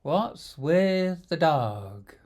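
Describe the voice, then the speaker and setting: A man's voice: fairly high pitch, sing-song, extremely slow, darkish tone, heavily acted. A man voicing a curious Southern American passer-by, with an imitated Southern drawl and a questioning tone.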